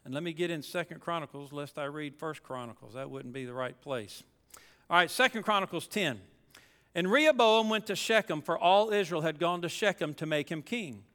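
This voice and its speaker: High, bright-voiced preacher in a hall. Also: male voice. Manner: reads scripture aloud then preaches with emphatic asides. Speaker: pastor. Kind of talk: sermon.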